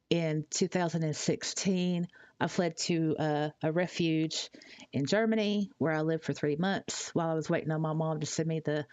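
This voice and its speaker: A woman from Tennessee, chatting casually on a live stream, rambling and halting with fillers as she reads out chat messages. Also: lowish voice, darkish tone, no room sound, dull audio. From Tennessee, USA.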